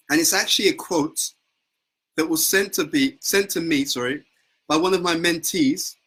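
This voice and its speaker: A man's voice: high-pitched, bright, forceful tone, husky, low-quality recording. A man giving an earnest devotional talk as a spiritual teacher, often repeating words as he searches for phrasing. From United Kingdom.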